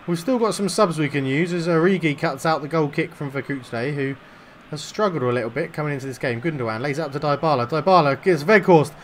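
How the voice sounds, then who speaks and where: A young man commentating over his own football video game, excitable and swearing when frustrated, swinging from low muttering to shouts. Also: a little hiss or hum. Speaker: gaming YouTuber commentating his own match.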